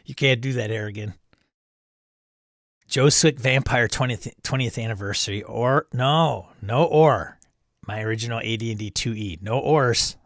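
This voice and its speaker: A man's voice: on the low side, moderate pace, long pauses, a bit bright, dry recording, studio quality. A man hosting a livestream, casually chatting and greeting viewers by name as he reads their comments. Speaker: livestream host reading chat. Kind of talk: casual chat.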